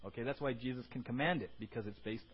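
A man's voice: mid-range voice, quick pace, husky, dull audio. A man preaching a conversational sermon to his congregation, joking and calling on people by name. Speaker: pastor.

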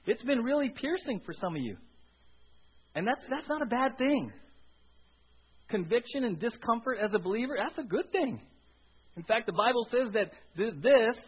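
Husky high-voiced male pastor preaching. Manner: conversational, frequent "right?" asides to the congregation. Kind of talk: sermon. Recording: dull lo-fi sermon audio.

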